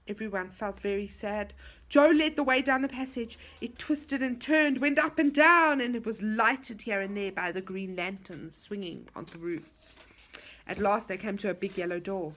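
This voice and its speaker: A woman reading a children's story aloud in an expressive, animated way. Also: a little high.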